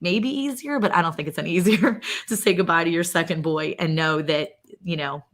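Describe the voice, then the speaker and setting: Woman in her 40s, deep voice, rambling earnest storyteller, casual chat show. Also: a little fast, a bit bright. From Maryland, USA. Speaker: co-host.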